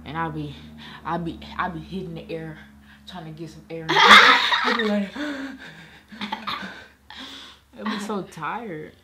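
A woman's voice: sits low, normal speed, heavy background noise. A woman hosting a mukbang, chatting casually and slangily while she eats. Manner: slangy, laid-back. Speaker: mukbang host. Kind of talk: casual chat while eating.

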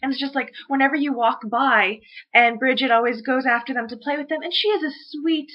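A woman's voice: high-pitched, fairly quick, muffled recording. A woman vlogging in a casual rant, blunt and profane.

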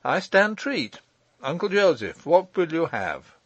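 A man's voice: fairly high pitch, sing-song, measured pace, fairly bright tone, no echo, voice pushed up, full character voice. A man reading the part of a breezy, good-humoured young lawyer with a teasing manner. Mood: jaunty.

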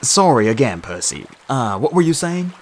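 A man voicing a sly, smooth-talking male god in a put-on mixed British and Australian accent for an audiobook. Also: mid-range voice, very animated, normal speed, a little hiss or hum. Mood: breezy. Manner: breezy, teasing. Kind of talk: audiobook reading.

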